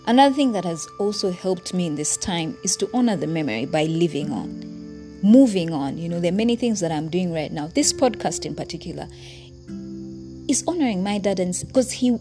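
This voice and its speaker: A woman hosts a podcast in a rather low voice, talking earnestly and from the heart. She speaks straight to her listeners in a reflective personal monologue, with faint music playing under her words. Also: animated, moderate pace, dark tone. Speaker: podcast host.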